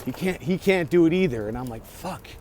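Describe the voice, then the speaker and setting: A man tells a loose, cursing story straight into his phone while out riding a bike. His voice sits slightly high, and he keeps circling back over his own sentences. Street and vehicle noise runs clearly underneath. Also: lively intonation, quick pace. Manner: rambling, profane, self-talk with restarts. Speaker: vlogger. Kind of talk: casual storytelling vlog. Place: outdoors in a city on a bike ride. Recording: outdoor city noise behind.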